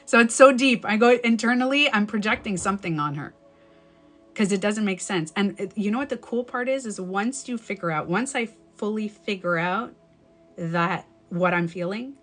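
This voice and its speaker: A young adult woman coaching live on a stream, her voice sitting at an ordinary middle pitch. She speaks frankly and with emphasis, dropping casual swear words and restarting sentences as her thoughts run on. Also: moderate pace, fairly bright tone, faint music behind. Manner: rambling with self-corrections. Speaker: life coach. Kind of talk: live-stream advice talk.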